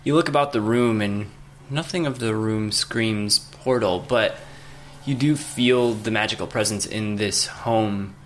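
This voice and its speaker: A man narrating as game master for a tabletop game, describing scenes and answering players' questions in a steady way. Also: fairly low pitch, a little hiss or hum.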